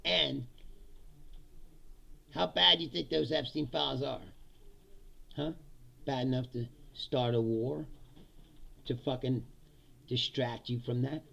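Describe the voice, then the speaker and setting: A man's voice: mid-range voice, fairly even intonation, takes it slowly, vocal fry, pauses often, bright, forceful tone, highs cut off. A man delivering a profane, sarcastic political comedy rant, laughing between lines. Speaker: political commentator.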